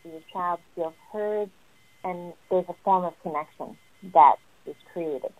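A woman's voice: lowish voice, unhurried, a little mellow. A woman therapist explaining parenting advice in an earnest, emphatic teaching tone. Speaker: family therapist. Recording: tinny phone-like sound.

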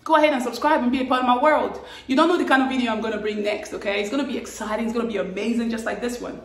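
Animated woman vlogging in an echoey room. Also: racing, recorded from a distance, faint music behind. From Africa. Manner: playful and animated, with laughs and sudden high exclamations. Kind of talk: casual talk to camera.

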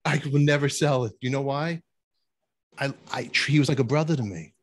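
A podcast host interviews a guest in casual chat, talking eagerly and often echoing the guest's words. His voice is medium in pitch and fairly quick.

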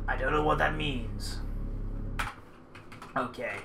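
Jumpy gamer, very lively pitch. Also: measured pace, long pauses, noisy background. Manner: excitable, talks back at the game, jumpy. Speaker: gamer playing a horror game. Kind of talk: let's play commentary.

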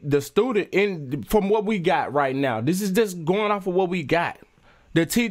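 A man hosting a reaction video, giving casual, opinionated commentary in an informal way with frequent restarts. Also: a little high.

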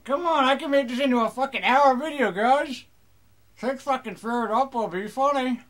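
Young man, gamer, high voice, crude jokes, mock pirate talk, casual gameplay commentary. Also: moderate pace, fairly bright tone.

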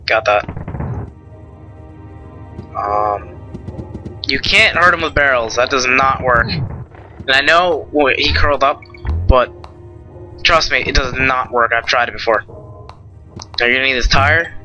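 Young man, let's play host, bright voice, rambling game commentary, swears a lot, faint music behind. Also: mid-range voice, measured pace, pauses often, muffled recording. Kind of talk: casual gameplay commentary.

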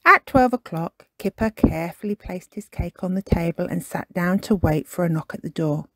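A woman's voice: lowish voice, animated, moderate pace, sharp tone, dry recording. Woman reading a children's story expressively. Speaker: storytime reader.

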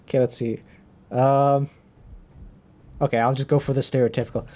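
A man's voice: mid-range voice, level tone, normal speed, pauses often, dark tone. A young man streaming a video game, chatting casually in a rambling, self-conscious way. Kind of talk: casual livestream chat.

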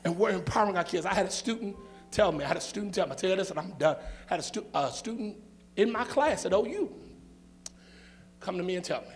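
A man's voice: high voice, expressive, fast, soft background music. A male pastor, preaching a sermon in a church with rhythmic, repetitive phrasing and call and response.

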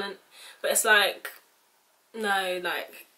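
A woman's voice: medium pitch, fairly even intonation, normal speed, a bit bright. A young woman with a British accent, talking casually to camera in a rambling, chatty way, full of "like". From United Kingdom. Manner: chatty, rambling, heavy use of "like". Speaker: vlogger.

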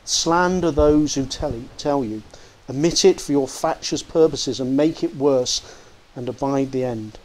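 A man reading aloud as a sorrowful, solemn male Christmas spirit, speaking low and hushed. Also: unhurried, natural voice, rough recording. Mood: solemn warning.

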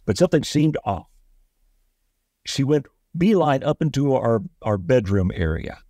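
A man's voice: medium pitch, very animated, unhurried, mellow, no room sound, studio quality. A man telling a story as a guest on a podcast interview, acting out the voices of the people in it. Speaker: guest, author and coach.

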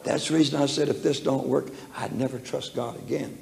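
Speaking a little fast, an older man delivers a sermon built around a personal story, chuckling folksily and voicing the people in it. His medium-pitched voice has vocal fry, a fairly even intonation, and a slightly mellow quality. The church hall setting gives an echoey sound with faint background noise.

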